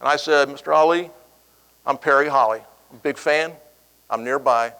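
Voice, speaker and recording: Man telling a lively anecdote on stage. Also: mid-range voice, moderate pace, clean tone, poor audio. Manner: animated storyteller, acting out quoted voices. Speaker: keynote speaker. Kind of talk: storytelling speech.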